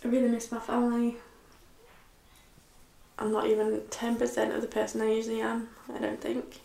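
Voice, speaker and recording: A young woman speaks quietly into the camera in a confessional vlog, her voice tearful and halting, full of restarts. Her tone is slightly high but flat, with a gravelly fry at the ends of phrases. The room around her is echoey. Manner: halting, many restarts and soft trailing phrases. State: tearful, upset. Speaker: vlogger.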